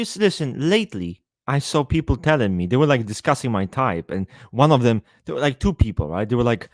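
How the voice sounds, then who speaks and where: A livestream host jokes around with plenty of swearing and reads out viewers' names to greet them. His medium-pitched voice swings widely in pitch and moves briskly with few pauses, in a dry, studio-quality recording.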